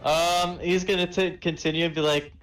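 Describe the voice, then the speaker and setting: Man, player, casual, loose description, slightly high. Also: fairly even intonation, normal speed, fairly bright tone, faint music behind, rough recording. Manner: loose, describing with many likes. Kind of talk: casual tabletop game play.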